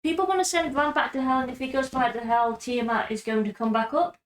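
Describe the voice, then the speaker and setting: Woman player, high voice, chatty, echoey room. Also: fast talker. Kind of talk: in-character game chat.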